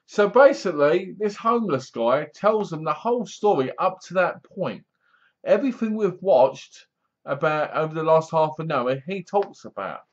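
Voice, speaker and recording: A man's voice: fairly high pitch, muffled recording. A man reviewing a film in a casual, rambling way with wry humor. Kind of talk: casual spoken movie review.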